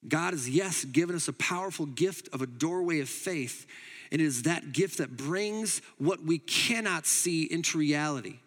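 A man preaching a sermon as pastor, emphatic, moving between loud urging and quiet asides. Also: a little high, animated, moderate pace, long reverb tail. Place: church hall.

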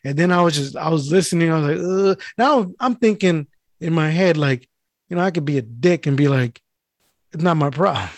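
A man's voice: on the high side, a little fast, no echo. A man telling a story in casual chat, swearing freely and acting out the voices of the people in it. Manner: profane, animated, acts out voices of people in his story. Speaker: mail carrier telling a story.

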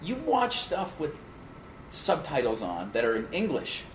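A man teasing his friends in a casual podcast chat, with dry, deadpan jokes. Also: on the high side, measured pace, reverberant, a little hiss or hum. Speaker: podcast guest.

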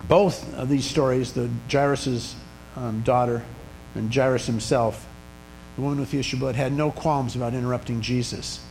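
An older man preaching a sermon in a church, telling stories in a conversational way with pauses and restarts. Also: medium pitch, fairly even intonation, gravelly, darkish tone, a little hiss or hum, poor audio. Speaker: pastor. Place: church sanctuary.

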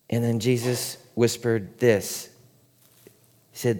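A man in his forties, a pastor preaching a conversational sermon that swings from quiet and tender to loud and excited. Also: medium pitch, a little slow. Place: church sanctuary. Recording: long hall reverb.

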